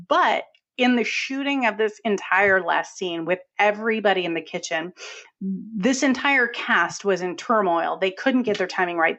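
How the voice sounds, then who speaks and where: A woman co-hosting a film podcast in casual chat, animated and acting out movie lines. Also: medium pitch, dull audio. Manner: animated, acts out movie lines in character voices. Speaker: podcast co-host.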